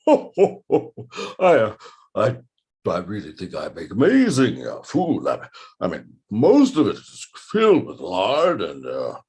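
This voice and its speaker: A man playing a rambling, hesitant chef who loads everything with sugar and lard, in a husky voice. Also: lowish voice, a little mellow, exaggerated voice. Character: sugar-loving lard-heavy male chef.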